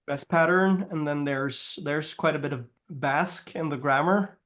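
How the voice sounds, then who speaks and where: A man with a fairly high voice talks in a relaxed interview over a video call. He rambles, restarts his sentences and laughs often as he explains things. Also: a little slow. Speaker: guest, language consultant. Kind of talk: casual interview chat.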